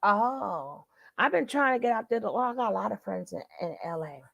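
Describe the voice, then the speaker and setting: Gravelly Brooklyn woman hosting a live chat. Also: medium pitch, animated, fairly quick, muffled recording. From Brooklyn, New York. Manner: warm and chatty, calls people baby and darling. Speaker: livestream host.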